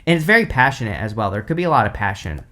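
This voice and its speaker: A man's voice: lowish voice, very animated, racing, fairly bright tone. A man giving a casual tarot reading to camera, rambling with many fillers and restarts, tired and stifling yawns. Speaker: tarot reader.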